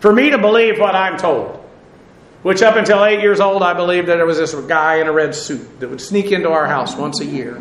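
A man's voice: sits high, steady tone, fairly quick, reverberant, slight background noise. A man giving a verse-by-verse Bible lesson, talking conversationally with fillers and asides while he stands before a seated audience. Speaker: Bible teacher.

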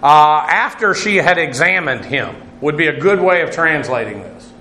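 In an echoey room with slight background noise, a pastor leads a verse-by-verse Greek word study for his Bible class. Fairly high-pitched, pushed, and bright, he speaks at a normal pace with animation, spelling out Greek words letter by letter methodically and saying "uh" a lot.

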